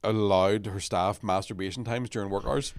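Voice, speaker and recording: A man's voice: lowish voice, steady tone, slight background noise. A man hosting a comedy podcast, telling stories in a rowdy, swearing, casual way. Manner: quick, rowdy, swearing storyteller. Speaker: podcast host and stand-up comedian.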